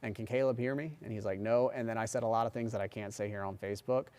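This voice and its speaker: A man's voice: lowish voice, fairly even intonation, rapid-fire, a little mellow. A man in his forties, a meteorologist hosting a livestream, chatting casually, telling a long story and answering viewer comments. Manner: chatty and rambling, reads viewer comments aloud. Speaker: meteorologist and show host.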